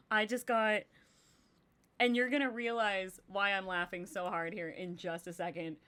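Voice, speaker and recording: A woman's voice: mid-range voice, fairly even intonation, moderate pace, bright, forceful tone, clean tone. A young adult woman hosting a live stream and running a game, talking casually and rambling with many fillers. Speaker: stream host and game master.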